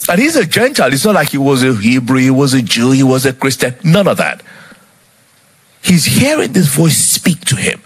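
A male preacher with a husky, slightly rough voice delivers a sermon. His pitch swings widely as he retells a scripture story with dramatic flair. He keeps turning to his listeners with rhetorical questions. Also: very animated, moderate pace.

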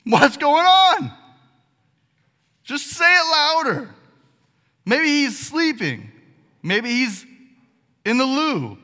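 A man's voice: very high-pitched, very animated, very slow, long pauses, bright, forceful tone, pitched above the performer's own voice, exaggerated voice. A man voicing a sarcastic male prophet who taunts his rivals in a raised, mocking voice. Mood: taunting. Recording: long hall reverb.

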